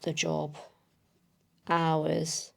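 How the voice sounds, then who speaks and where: A woman's voice: low voice, monotone, very slow, gravelly. A woman playing a solo tabletop game, thinking aloud as she writes, hesitant and full of self-corrections.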